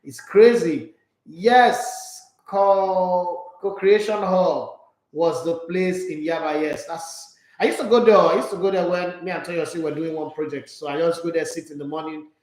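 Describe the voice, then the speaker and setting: A man's voice: fairly high pitch, moderate pace, reverberant, rough recording. A Nigerian man hosting a sports show, chatting casually and opinionated as he reacts to listener comments. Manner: animated, opinionated, with frequent asides.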